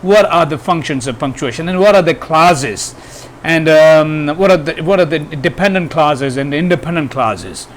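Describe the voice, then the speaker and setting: A man's voice: a little high, normal speed, slight background noise. A man teaching grammar, hesitant, with many fillers and restarts. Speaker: English teacher. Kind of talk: grammar lesson.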